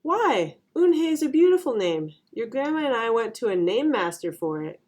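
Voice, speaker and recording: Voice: mid-range voice, sing-song, brisk, voice pushed up, close to an everyday voice. A reader voicing a firm, caring mother. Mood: earnest. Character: Korean mother, strict but caring. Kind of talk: storybook read-aloud.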